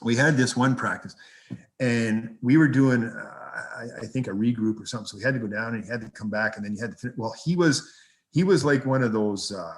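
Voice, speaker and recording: A man, a hockey coach, telling lively anecdotes as a podcast guest and swearing freely. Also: mid-range voice, fairly quick. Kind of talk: casual storytelling.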